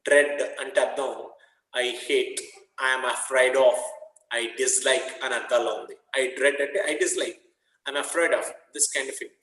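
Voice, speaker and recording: A man's voice: mid-range voice, fairly even intonation, rapid-fire, pushed and bright, slight background noise. A man teaching a class, patiently explaining word meanings and slipping into Telugu glosses. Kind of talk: classroom lecture. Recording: echoey, reverberant classroom.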